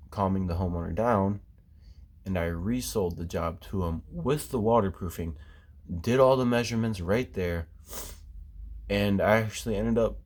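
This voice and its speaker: A man's voice: on the low side, darkish tone. A man ranting casually about quitting his job, swearing constantly and rambling with fillers and restarts. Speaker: former basement waterproofing worker. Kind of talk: casual profane rant.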